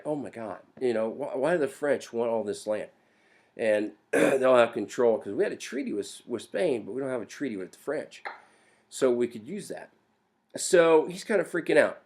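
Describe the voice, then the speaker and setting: A man giving a lively, playful classroom lecture on history, joking with students in slang. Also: medium pitch. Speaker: history teacher.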